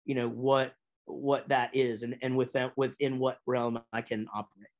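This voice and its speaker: This is a middle-aged man guesting on a podcast, talking about his work in a casual, unscripted way. His voice sits at a mid-range pitch. His delivery is animated, rising and falling as he warms to a story. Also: moderate pace, dull audio. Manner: chatty and animated, with big pitch swings when telling stories. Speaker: guest, musician and voice actor. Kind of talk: casual interview chat.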